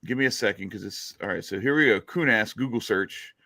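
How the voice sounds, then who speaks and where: A man's voice: lowish voice, a little fast, pushed and bright, no room sound. A man from Louisiana with a Cajun accent, hosting a casual podcast chat as a loose, joking storyteller. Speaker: podcast host.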